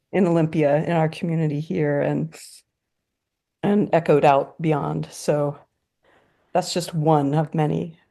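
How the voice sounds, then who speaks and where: Brief: woman with a slow, dark-toned voice, sharing memorial stories over a video call. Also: sits low, vocal fry. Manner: halting, warm storytelling with restarts. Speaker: friend giving a tribute. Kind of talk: memorial remembrance.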